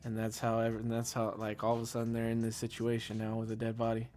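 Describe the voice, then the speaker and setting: A man's voice: medium pitch, completely flat delivery, quick pace, a little mellow, faint music behind. Man casually retelling a movie scene. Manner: retells scenes, acting out quotes with raised voice. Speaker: podcast co-host. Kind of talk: casual movie review chat.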